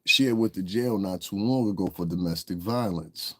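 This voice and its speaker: A man's voice: low voice, normal speed, a bit bright. Casual livestream host: man, laid-back, chuckles, talks to chat.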